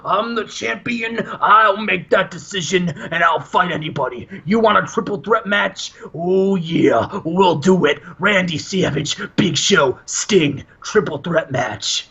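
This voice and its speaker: A man's voice: high-pitched, a little slow, creaky, hardly any pauses, pushed and bright, husky, lo-fi sound, heavily acted. A man voicing a cocky adult male wrestling champion who drawls his boasts.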